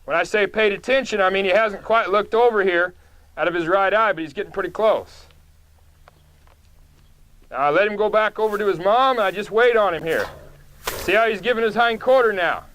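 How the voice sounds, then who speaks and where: This is a live training demonstration with horses, held outside and led by a man whose voice is fairly high. Unhurried and patient, he talks through every small step in simple, calm terms.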